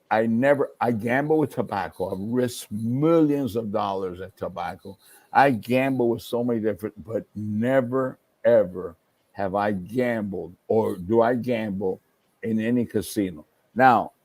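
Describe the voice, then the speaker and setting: Animated man telling a long story. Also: on the low side, dry recording. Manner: animated storytelling, sprinkled with Spanish words. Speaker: guest storyteller. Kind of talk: casual chat.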